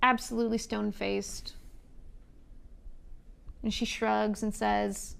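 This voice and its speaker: A woman calmly narrating her character's actions as a tabletop game player. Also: medium pitch, unhurried, gravelly.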